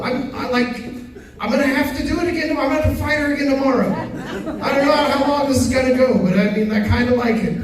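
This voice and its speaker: A man's voice: extremely high pitch, quick pace, crowd noise. A middle-aged man doing a stand-up set at an open mic, telling stories in a conversational way and acting out the dialogue. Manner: conversational storytelling, acts out dialogue. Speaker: stand-up comedian. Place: comedy venue stage. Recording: echoey venue from far off.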